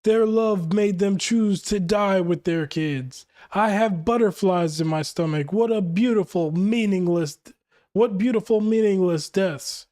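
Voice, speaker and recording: A cruel male villain gloats, slow and relishing, read aloud by a man. The voice sits fairly high, close to the reader's own. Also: warm tone. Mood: gloating.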